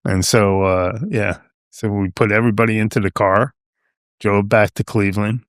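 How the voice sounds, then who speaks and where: A man's voice: on the low side, fairly even intonation, normal speed, no room sound, studio quality. A man in his seventies from Long Island, telling a story as a podcast guest, rambling and dropping "you know" and "right?" all the way through. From Long Island, New York. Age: 70s. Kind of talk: casual storytelling.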